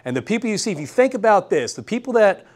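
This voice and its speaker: A young man speaks to a lecture room in a fairly high voice. He is energetic and repeats his main points, often checking in with the listeners. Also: fast talker. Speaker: guest lecturer. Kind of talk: university workshop talk.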